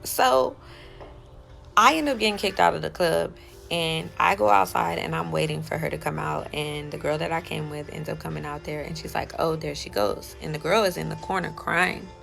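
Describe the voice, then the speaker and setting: A woman tells her own story in a loose, chatty storytime monologue. Her voice sits low and crackles with heavy vocal fry. She rambles along with plenty of fillers and quoted back-and-forth. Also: fairly even intonation, moderate pace, fairly bright tone, soft background music.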